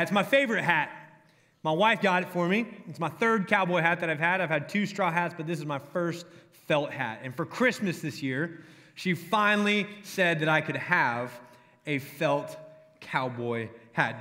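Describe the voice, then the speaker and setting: A young college ministry pastor with a Texan drawl preaches to college students at a moderate pace in a high, bright voice. He tells stories and jokes with the crowd, and a large hall's long reverb rings around him.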